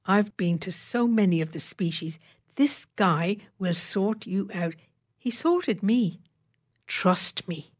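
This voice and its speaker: A woman playing a confiding society lady in a hushed half-whisper. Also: medium pitch, expressive, takes it slowly. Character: worldly, well-connected older woman client, confiding.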